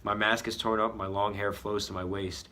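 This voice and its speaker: Bright-voiced man mocking his own story. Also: fairly low pitch, flat delivery, normal speed. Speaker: host reading his childhood story. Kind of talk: comedic read-aloud with commentary.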